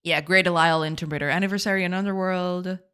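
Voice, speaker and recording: A woman's voice: on the low side, steady tone, quick pace, a bit bright, clear, resonant tone. A woman whose first language is Portuguese, chatting casually on a game dev live stream, giggling and answering chat.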